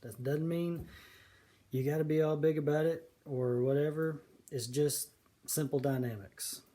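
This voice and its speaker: A man giving casual, earnest commentary on scripture, stressing key words slowly. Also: a little high, steady tone, dark tone. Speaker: video preacher.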